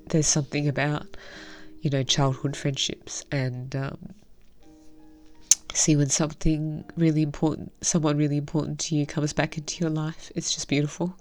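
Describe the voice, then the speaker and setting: Low-voiced lady reading a visual novel out loud, soft and half whispery, faint music in the back. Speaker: game reviewer.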